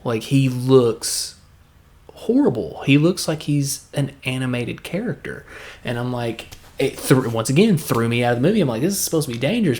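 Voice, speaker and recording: A man in the middle pitch range talks through a film review on his podcast in an unscripted, rambling way. He gets enthusiastic, breaks off mid-sentence and restarts, and acts out his own reactions as he goes. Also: darkish tone. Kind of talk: casual film review monologue.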